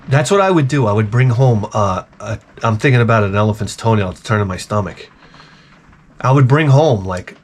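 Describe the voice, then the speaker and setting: A man's voice: mid-range voice, slight background noise. A man hosting a retro gaming channel, ranting in a profane, rambling, sarcastic way. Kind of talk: casual comedic rant.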